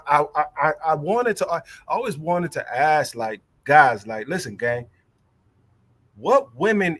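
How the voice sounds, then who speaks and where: A man's voice: on the high side, a bit bright, slightly rough, dry recording. Heated, profane man ranting on a livestream. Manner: heated, profane, repeats himself. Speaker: livestream host. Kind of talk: casual livestream rant.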